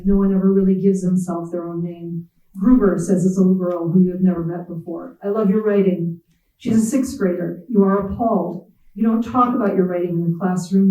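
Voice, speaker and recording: A writer giving a measured, wry literary reading in the second person. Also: medium pitch, dark tone, roomy sound, distant mic, poor audio. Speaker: visiting writer. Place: reading event hall.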